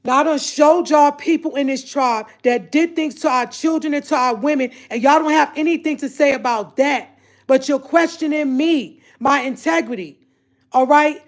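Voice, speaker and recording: A woman's voice: sits high, moderate pace. A woman vlogger talking straight to her viewers in an emotional, exasperated rant, repeating herself and calling them y'all. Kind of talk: emotional direct-to-camera rant.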